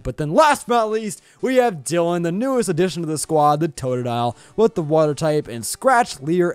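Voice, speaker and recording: A young man hosting a let's play, with energetic, rambling, playful commentary into a boom-arm mic at his home setup. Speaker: YouTube gaming host. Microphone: boom arm microphone.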